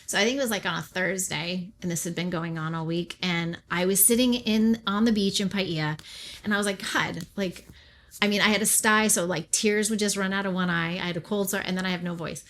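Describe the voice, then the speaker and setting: A middle-aged woman pastor from Oregon, USA, shares her personal faith story as an interview guest, speaking a little fast in a lowish voice. She is an animated storyteller who acts out both her own remarks and the ones she quotes from others.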